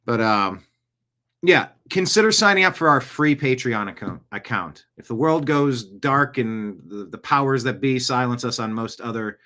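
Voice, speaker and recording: A man hosts his own podcast with a casual, rambling live-show monologue full of jokey asides. His voice is medium in pitch with lively intonation and a sharp tone, at a moderate pace.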